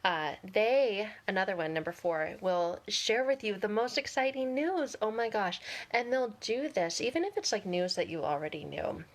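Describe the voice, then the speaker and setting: A woman's voice: medium pitch, big pitch swings, normal speed, hardly any pauses. Candid, sarcastic woman vlogger. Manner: candid, sarcastic, laughs often. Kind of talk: casual talk to camera.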